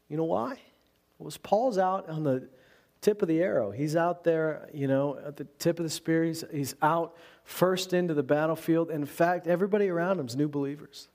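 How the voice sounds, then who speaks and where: A man who is a pastor delivering an animated sermon, mixing humor with earnest exhortation. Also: a little high. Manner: animated preaching with humor and acted-out voices.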